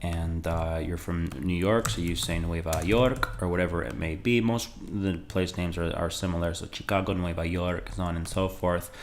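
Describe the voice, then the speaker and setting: A man's voice: low voice, fairly even intonation, moderate pace, hardly any pauses, a little hiss or hum. A man from the United States teaching beginner Spanish in a loose, talky way, often checking in with the listener. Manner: loose and talky, restarts and frequent "okay?". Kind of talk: casual spoken lesson.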